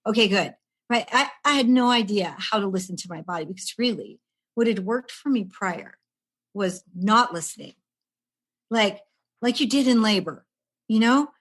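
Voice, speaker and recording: Medium in pitch and normal in speed, this woman in her sixties, a stress management coach, shares a personal story in a relaxed podcast chat. She brings it to life by performing the quoted voices, with laughs mixed in.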